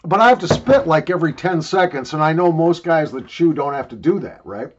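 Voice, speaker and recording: An older man reviews chewing tobacco in a loose, joking, crude ramble, his words thick from the wad in his cheek. His voice sits a little high. The recording sounds dull and lo-fi. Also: animated, fairly quick, background noise. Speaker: video reviewer. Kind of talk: casual tobacco review vlog.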